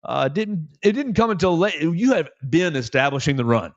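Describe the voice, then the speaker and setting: A man hosting a sports talk show, giving solo commentary in an animated way and repeating phrases for emphasis. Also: fairly high pitch, normal speed, dry recording, lo-fi sound.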